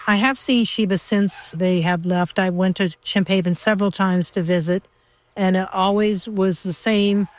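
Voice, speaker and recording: A woman's voice: mid-range voice, fairly even intonation, moderate pace, dry recording. Woman former researcher, emotional reminiscing. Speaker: former lab researcher interviewed. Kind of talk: documentary interview.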